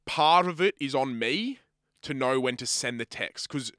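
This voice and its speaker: A man's voice: medium pitch, lively intonation, a little slow, a bit bright, dry recording, studio quality. A young man co-hosting a casual podcast, swearing freely and acting out his friends' lines. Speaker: podcast co-host. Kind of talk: casual chat.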